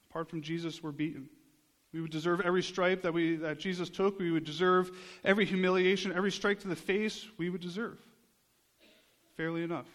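Earnest male preacher in a reverberant hall. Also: fairly high pitch. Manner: earnest, conversational preaching with rhetorical "right?". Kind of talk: sermon.

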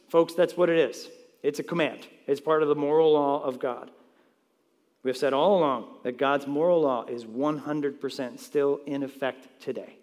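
A man preaching a sermon as pastor, emphatic and direct, posing rhetorical questions to the congregation and answering them himself. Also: a little high. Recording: long reverb in a large hall.

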